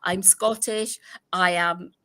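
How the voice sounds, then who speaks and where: A woman with a Northern British accent and a slightly squeaky voice, gushing and restarting often as a panelist on a video call. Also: fairly even intonation, slow pace, sharp tone.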